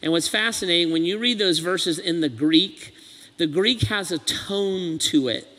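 A pastor delivers an earnest, animated sermon. His voice sits high and sounds bright and forceful. A long reverb from the hall trails behind him. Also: a little slow. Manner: earnest, animated preaching with acted quotes.

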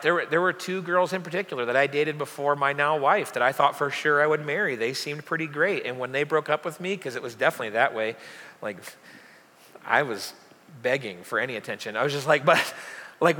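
A man's voice: fairly high pitch, bright, forceful tone. A young adult man preaching a casual sermon, chatty and joking with lots of fillers. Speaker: pastor. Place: church hall. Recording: long hall reverb.

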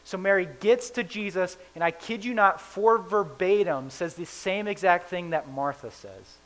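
A man preaching a conversational sermon, retelling a scripture story in casual, animated paraphrase. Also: sits high, normal speed, rough recording.

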